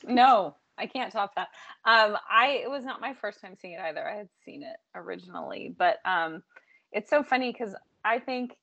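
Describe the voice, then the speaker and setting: Woman, podcast co-host, bright sharp voice, muffled lo-fi sound, hesitant thoughtful talk. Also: mid-range voice, moderate pace, creaky. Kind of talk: casual discussion.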